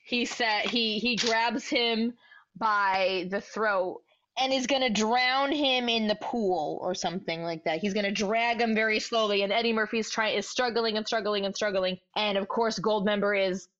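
A woman co-hosting a casual podcast, telling an animated, comedic story and swearing freely. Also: medium pitch, moderate pace, lo-fi sound. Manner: animated storytelling, swearing, puts on silly voices. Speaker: podcast co-host.

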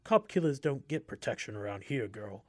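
A man's voice: fairly low pitch, expressive, moderate pace, darkish tone, no room sound, clean studio sound. A man playing a hostile, contemptuous male prison officer who barks orders in a story. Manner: harsh and contemptuous.

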